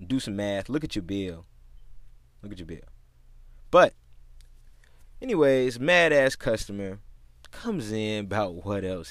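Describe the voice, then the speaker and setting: A man telling a profane, exasperated story in a casual, animated way. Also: lowish voice, dry recording, studio quality.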